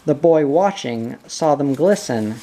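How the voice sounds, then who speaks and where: A reader reading a children's novel aloud in a measured, gentle, unhurried way. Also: medium pitch, expressive. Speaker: audiobook reader.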